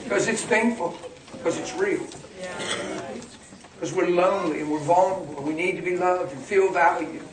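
A man's voice: high voice, normal speed, long pauses, crowd noise. A middle-aged man preaching a sermon as pastor, emphatic and humorous, acting out little scenes for his congregation. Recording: echoey hall from far off with congregation noise.

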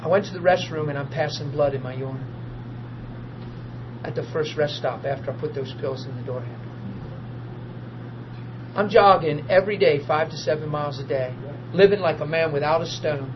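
Telling his testimony like a preacher at a normal speed, a man with a voice pitched high for a man swings between hushed near-murmurs and loud laughing and crying. The recording sounds dull and lo-fi, with constant noise behind him.

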